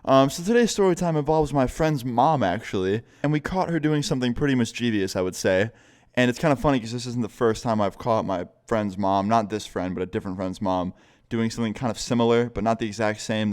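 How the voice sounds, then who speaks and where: A man's voice: on the low side, darkish tone, clear, resonant tone. A young man telling a casual storytime vlog in a loose, profane way, laughing now and then. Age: young adult. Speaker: vlogger.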